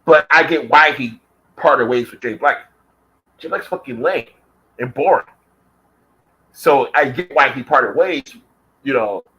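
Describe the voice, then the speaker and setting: A man on a long, heated vlog rant, swearing at every turn and hammering his points home. He talks at a middling pitch in a loose, conversational way. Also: unhurried, pauses often, pushed and bright, rough recording. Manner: heated, profane, repetitive. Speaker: vlogger. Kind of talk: profane rant.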